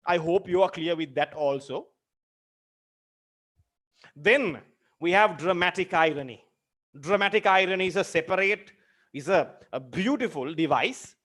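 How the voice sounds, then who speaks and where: Sri man, literature lesson, high voice, repeats his examples, asks the class questions. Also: measured pace, long pauses, fairly bright tone. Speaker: English literature teacher. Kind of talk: online lecture.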